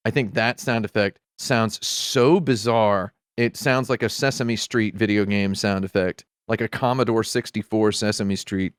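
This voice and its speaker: Wry opinionated man, low dry voice. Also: fairly even intonation, measured pace, few pauses, clean tone, no echo. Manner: wry, opinionated, breaks into loud impressions. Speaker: podcast panelist. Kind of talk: casual chat.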